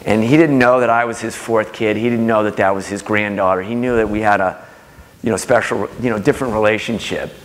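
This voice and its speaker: A man's voice: fairly low pitch, fairly even intonation, a little fast. Storytelling man in a reverberant hall. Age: middle-aged. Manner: warm anecdotal storytelling, acting out quoted voices. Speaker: speaker giving a talk. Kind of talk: storytelling talk to an audience.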